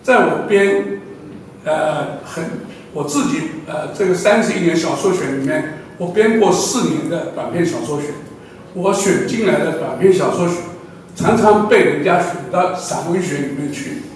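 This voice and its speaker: A man's voice: a little high, normal speed. A man who is a writer, telling a self-deprecating anecdote at a seminar. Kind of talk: seminar talk. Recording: echoey hall, distant mic, faint noise.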